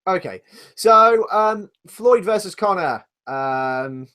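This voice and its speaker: A man's voice: sits high, lively intonation, slow pace, bright, forceful tone. A man with a British accent co-hosting a live podcast, blunt, sweary and argumentative. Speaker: podcast co-host. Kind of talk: casual live podcast banter.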